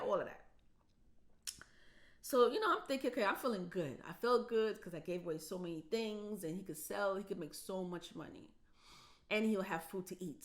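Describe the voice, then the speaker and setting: Emotional woman, voice cracking with tears. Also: mid-range voice. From United States. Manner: emotional, repetitive, emphatic. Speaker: vlogger. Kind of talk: casual storytime vlog.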